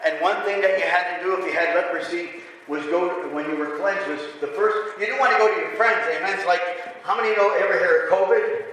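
High, bright-voiced man preaching in an echoey hall. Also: brisk. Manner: preaching with rising emphatic passages and rhetorical questions. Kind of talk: sermon. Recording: echoey hall from far off, faint room noise.

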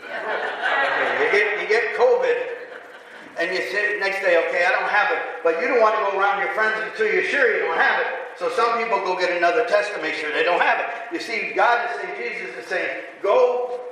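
A man's voice: high-pitched, a little fast, pushed and bright. A man preaching a sermon to a congregation, asking rhetorical questions and building to emphatic passages. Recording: echoey hall from far off, faint room noise.

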